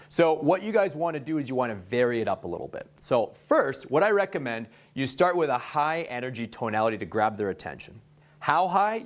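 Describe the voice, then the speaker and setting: Lively young man coaching salespeople. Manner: lively, switches between high energetic and low hushed tones to demonstrate. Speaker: sales trainer. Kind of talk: instructional talk to a sales team.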